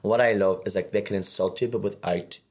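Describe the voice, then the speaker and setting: A man's voice: low-pitched, fairly even intonation, fast, a little mellow. A man with a Northern Irish accent, a podcast guest chatting casually and mimicking regional accents and sayings. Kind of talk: casual chat.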